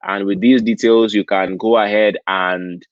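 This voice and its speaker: Speaking unhurriedly in a lowish voice with little pitch movement, a Nigerian convention speaker delivers a preachy motivational talk, constantly tacking on "okay?". The recording is dry and has a dull lo-fi sound.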